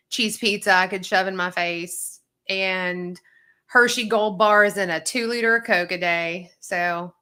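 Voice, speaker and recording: A woman's voice: mid-range voice, bright, forceful tone. A woman talking as a guest on a video call, chatting casually and rambling with fillers and restarts. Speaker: guest, registered nurse. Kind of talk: casual interview chat.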